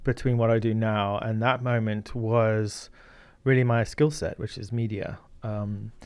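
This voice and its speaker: A man's voice: on the low side, little pitch movement, measured pace, darkish tone, smooth, dry recording. A middle-aged man from Zimbabwe, a guest in an interview who tells stories earnestly with many fillers. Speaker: guest, media founder. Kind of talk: casual interview storytelling.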